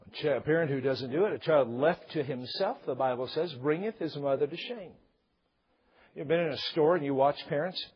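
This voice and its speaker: A man preaching a sermon, animated, acting out parents and children, sometimes raising his voice to a shout. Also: a little high, a little fast, slightly rough. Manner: raises voice to a shout at points. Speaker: pastor. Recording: dull lo-fi recording.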